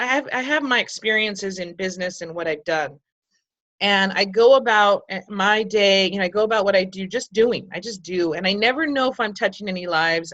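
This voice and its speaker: A woman's voice: mid-range voice, a bit bright. A middle-aged woman talks to her team over a video call in a loose, candid way, circling back with restarts and ums as she goes. Her voice sits in a middle range. The audio comes through dull and lo-fi. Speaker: team leader speaking to her sales team. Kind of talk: casual motivational video call.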